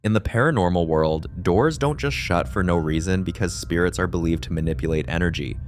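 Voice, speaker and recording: A man giving calm, measured scripted narration for a paranormal video compilation. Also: deep voice.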